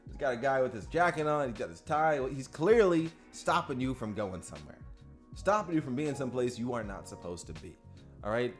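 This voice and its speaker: A man's voice: medium pitch, lively intonation, brisk, soft background music. A man, a business coach, talking energetically and directly to viewers in a live-streamed coaching session.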